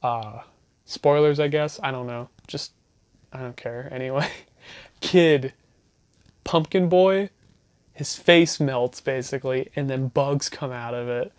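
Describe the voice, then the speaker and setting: Medium-pitched and clean in tone, this voice moves slowly with frequent pauses in a dry recording. Self-filmed on a camera mic at home, a casual reviewer recommends horror films, laughing, rambling, and drifting off topic.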